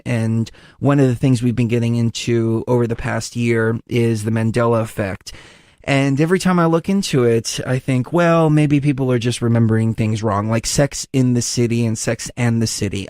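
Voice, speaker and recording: A man hosts an interview podcast, chatting loosely and animatedly. He tells rambling stories. His voice sits mid-pitch, recorded dry and close. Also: darkish tone, no echo. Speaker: host. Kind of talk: casual interview chat.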